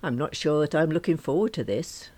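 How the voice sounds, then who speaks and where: A woman's voice: low voice, a little fast, a little mellow. A woman in her late forties reading a first-person story aloud with wry, dry humour. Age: late 40s. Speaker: narrator.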